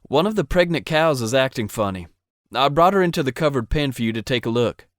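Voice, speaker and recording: A man voicing an eager young male ranch hand who gives quick, deferential reports. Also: medium pitch, lively intonation, no room sound, clean studio sound, voice pushed up, natural voice. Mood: concerned.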